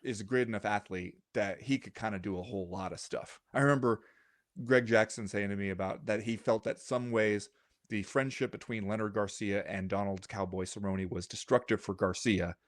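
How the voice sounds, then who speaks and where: A man co-hosting a podcast in casual chat, reading listener comments aloud with a wry, animated delivery. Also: lowish voice, dry recording, studio quality. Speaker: podcast co-host.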